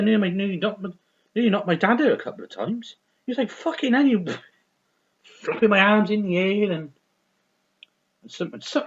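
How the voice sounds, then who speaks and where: A man chatting casually about records he bought, rambling and repetitive, swearing freely and full of enthusiasm, on a lo-fi recording. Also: high voice. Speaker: vinyl record reviewer. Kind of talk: casual unscripted chat.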